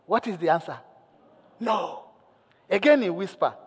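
A male pastor delivers a sermon, his voice pitched high and carrying a long hall reverb. He tells a story animatedly, acting out the lines, and keeps turning to the congregation with questions. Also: lively intonation, measured pace.

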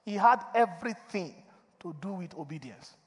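A man preaching a sermon as a pastor, animated, asking for responses from the congregation and laughing between points. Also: sits high, normal speed, slightly rough. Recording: long reverb of a church hall.

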